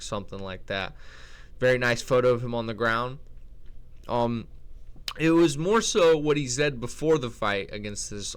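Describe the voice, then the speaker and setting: A man's voice: mid-range voice, a bit bright, clean tone. A young man giving casual, profane, rambling commentary as a vlogger, often incredulous. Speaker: MMA tier list vlogger.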